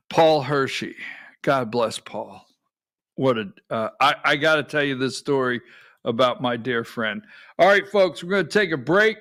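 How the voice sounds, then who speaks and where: A man's voice: medium pitch, animated, unhurried, long pauses, sharp tone. A middle-aged man hosting a political talk radio show from a studio, folksy and calling on his producer for clips.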